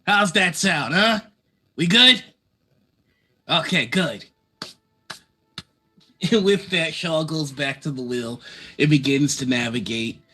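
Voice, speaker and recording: Bright-voiced game master narrating. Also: male voice, on the high side, slow pace, pauses often, soft background music. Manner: relaxed, laughing, many uh fillers.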